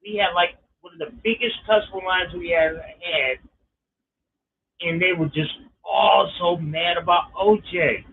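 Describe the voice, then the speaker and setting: A man's voice: high voice, unhurried, a little hiss or hum. A middle-aged man telling a personal story in a casual, profane, exasperated way. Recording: tinny phone-like line.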